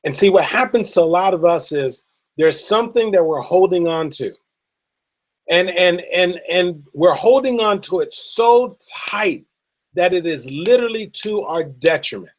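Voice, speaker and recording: A man giving a motivational talk, telling a story in an earnest, emphatic way and drawing out key words slowly. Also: high voice, lively intonation. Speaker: motivational speaker.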